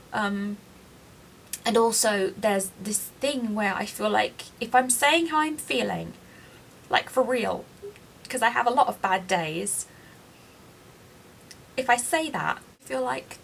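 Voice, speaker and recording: A woman's voice: a little high, vocal fry, a bit bright, a little hiss or hum. A woman in her late thirties, crying as she confides in a personal video diary, self-deprecating and frank. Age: 30s. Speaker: vlogger.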